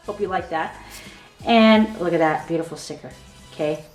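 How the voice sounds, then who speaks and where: A woman's voice: medium pitch, a little fast. Gushing woman showing off a craft album. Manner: excited, gushing, keeps saying okay. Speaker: craft tutorial host. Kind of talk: enthusiastic product walkthrough. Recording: echoey room with soft background music.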